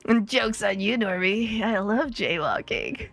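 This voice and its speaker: A woman's voice: medium pitch, vocal fry, fairly bright tone. A woman streamer telling a story in casual chat, swearing freely and laughing often.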